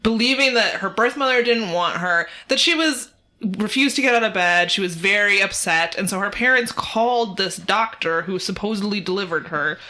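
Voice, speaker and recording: A woman co-hosting a podcast, retelling a story in a relaxed way with dry humor. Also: medium pitch, normal speed. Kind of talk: casual storytelling chat.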